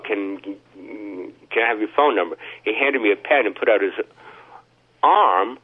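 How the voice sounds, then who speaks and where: Male caller, halting rambler, heavy stammer and fillers, tinny phone-line sound. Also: medium pitch, breathy edge. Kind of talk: rambling phone call to a talk show.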